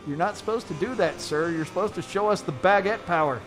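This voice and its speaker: A man's voice: sits high, fairly quick, faint music behind. A man commentating a sim race in a jokey, casual way, laughing often.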